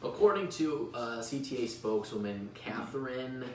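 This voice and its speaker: A man's voice: mid-range voice, lively intonation, moderate pace, distant mic. A man co-hosting a podcast, chatting casually with wry, sarcastic asides. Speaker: podcast co-host. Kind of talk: casual chat. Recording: echoey room, mic set back, faint hiss.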